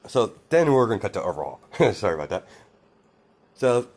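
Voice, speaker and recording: A man's voice: on the low side, big pitch swings, fairly quick, a little mellow. A young man casually retelling a fan-fiction story, rambling with lots of fillers and restarts. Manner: quotes characters without doing voices.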